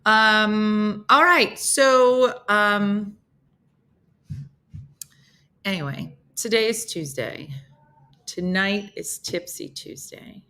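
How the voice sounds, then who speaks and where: A woman's voice: mid-range voice, very slow, long pauses, bright, forceful tone. A woman hosting a casual morning show from New Jersey, chatting in a rambling way and laughing often. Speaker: host.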